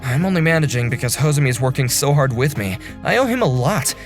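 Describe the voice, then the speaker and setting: Man voicing a calm, earnest section chief. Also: medium pitch, fast talker, faint music behind, close to an everyday voice. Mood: apologetic. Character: steady male office section chief, young adult. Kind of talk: dubbed animated drama narration.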